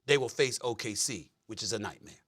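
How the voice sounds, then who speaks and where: A man giving televised sports analysis, making measured, emphatic points. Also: on the low side, fairly bright tone. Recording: broadcast clip with faint music.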